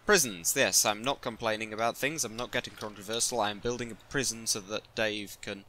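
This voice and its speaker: A man's voice: on the low side, normal speed, gravelly, hardly any pauses. A man giving casual, jokey gameplay commentary, rambling self-mocking asides to himself. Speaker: let's play gamer. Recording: steady background noise.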